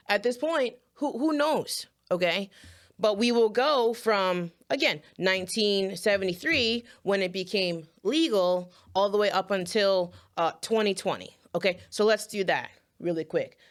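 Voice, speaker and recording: A woman's voice: mid-range voice, a bit bright. Woman, impassioned commentary, holding back tears, earnest, repeats phrases. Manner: earnest, emotional, addresses viewers directly, repeats phrases.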